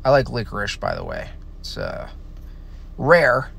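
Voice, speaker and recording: A man's voice: mid-range voice, lively intonation, unhurried, gravelly, a bit bright, breathy edge. A man casually answering viewer questions, blunt and opinionated, often restarting his sentences. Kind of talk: casual stream Q&A.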